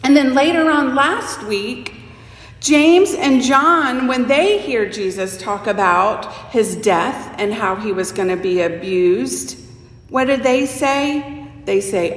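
A woman preacher giving a sermon, telling the story slowly and expressively and voicing the people in it. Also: high-pitched. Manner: slow, expressive storytelling with voiced quotes. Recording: echoey church hall with long reverb.

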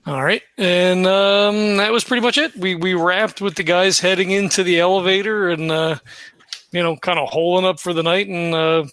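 A man's voice: sits high, steady tone, normal speed, fairly bright tone, clean tone, no room sound. A man casually recapping the last session of a tabletop game for a podcast, loose and full of fillers. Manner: loose, filler-heavy, laughs easily.

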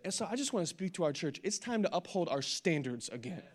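Young male pastor, high-pitched, energetic sermon delivery. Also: fast talker. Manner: energetic preaching that builds to loud declarations, with humorous storytelling.

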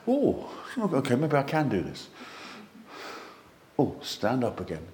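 A man preaching a sermon in an excitable, animated way, with self-deprecating humour. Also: mid-range voice, moderate pace, a little hiss or hum.

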